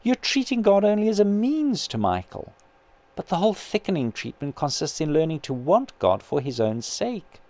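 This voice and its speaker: A calm, kindly male spirit, read by a man, speaking in an earnest, patient voice that still rises and falls a lot. Close and dry. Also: fairly high pitch, moderate pace, dry recording. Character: patient gentle male spirit, her brother.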